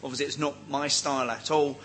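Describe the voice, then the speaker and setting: A man's voice: mid-range voice, flat delivery, fairly quick, noisy background. A man giving an informal teaching talk on cults, chatty and wry, with many ums and joking asides. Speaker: seminar speaker on cults.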